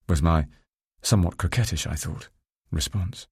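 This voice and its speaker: Male novel narrator, gravelly and deep, dry close recording, measured wry delivery. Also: darkish tone, dry recording. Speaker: audiobook narrator. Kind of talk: first-person novel narration.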